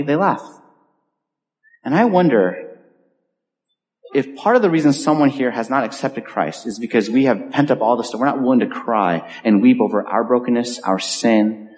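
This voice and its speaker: A man preaching a sermon as pastor, earnest and pleading, his voice dropping softly at the ends of phrases. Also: mid-range voice, in a large hall. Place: church sanctuary.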